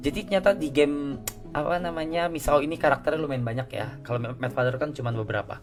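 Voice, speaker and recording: A man with an Indonesian accent who streams games and tosses quick, slangy asides to his viewers. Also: on the high side. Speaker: game streamer. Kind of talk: casual gameplay commentary. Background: game music.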